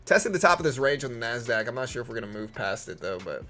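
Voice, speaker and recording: A man's voice: medium pitch, very animated, quick pace, few pauses, sharp tone, soft background music. A young man from Louisiana with a Southern accent, chatting casually and giving live market commentary. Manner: laid-back, chatty, uses lots of fillers. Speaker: live stream trader.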